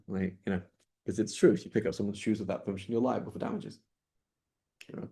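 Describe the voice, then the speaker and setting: A man's voice: on the low side, fast, darkish tone. A man teaching Islamic law in a casual lecture, talking conversationally and acting out little dialogues to make his points. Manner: conversational, illustrates points with quoted dialogue and rhetorical "right?".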